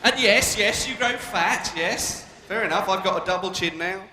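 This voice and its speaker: A man's voice: sits high, moderate pace. A young British man doing live stand-up comedy, cheeky and provocative as he banters with the crowd. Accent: British English. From Britain. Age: young adult. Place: large arena stage with a live audience. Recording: echoey arena with long reverb and crowd noise.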